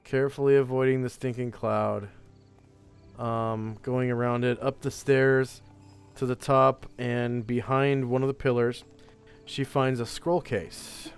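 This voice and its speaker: A man narrating a tabletop game as game master, in a measured, unhurried way with fillers. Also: mid-range voice, flat delivery, clear, resonant tone, faint music behind.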